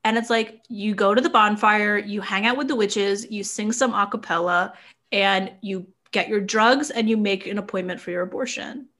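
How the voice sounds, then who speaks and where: A woman's voice: mid-range voice, steady tone, normal speed, a bit bright. A woman co-hosting a casual podcast chat, talking through a film in a chatty way, laughing often and quoting characters. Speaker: podcast co-host.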